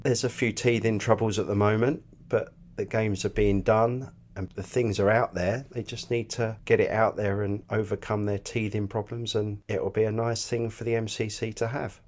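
A man's voice: on the low side, little pitch movement, normal speed, few pauses, darkish tone. A man chatting enthusiastically on a podcast, often repeating words as he talks. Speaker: club cricket scorer and podcast guest. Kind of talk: casual podcast chat.

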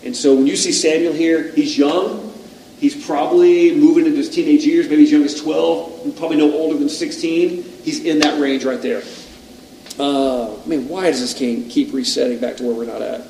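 A man's voice: fairly high pitch, fairly even intonation, normal speed, dark tone, a little hiss or hum. A middle-aged male pastor preaching a sermon in a conversational, self-deprecating way, asking the audience questions. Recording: echoey room, distant mic.

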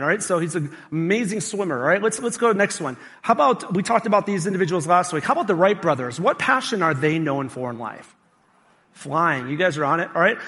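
High-voiced man preaching in a reverberant hall. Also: fairly bright tone. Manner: engaging, asks the congregation questions. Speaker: pastor. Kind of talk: sermon. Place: church sanctuary.

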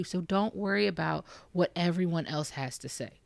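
A young mother talks straight to other moms, giving practical tips in a casual, reassuring way. Her voice sits a little low, and the sound is dry and close, with no room echo. She keeps her tone direct and upbeat, like a friend sharing what worked for her. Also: normal speed, gravelly. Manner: encouraging, direct, addresses moms. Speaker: parenting vlogger. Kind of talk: casual advice talk to camera.

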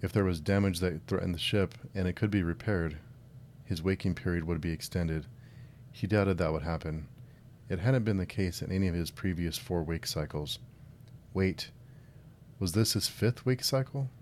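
A man with a low voice reads a short story aloud on his book channel after a relaxed, friendly introduction. He speaks plainly, with a few fillers and restarts in his own chat. A faint low rumble sits behind him. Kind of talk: casual intro then story narration.

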